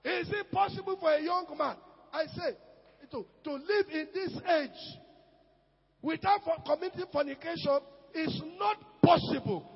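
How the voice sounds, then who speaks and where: A man preaching as a pastor, swinging between shouts and low murmurs. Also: a little slow, vocal fry. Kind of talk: sermon. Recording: echoey hall with dull sound and music.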